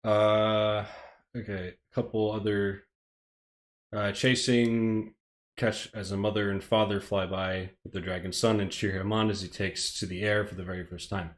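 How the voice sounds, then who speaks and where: A man's voice: lowish voice, flat delivery, normal speed. A man with an American accent, reading a script aloud on a live stream and rambling in self-deprecating asides. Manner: rambling and self-deprecating, chuckling between phrases. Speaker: streamer, host.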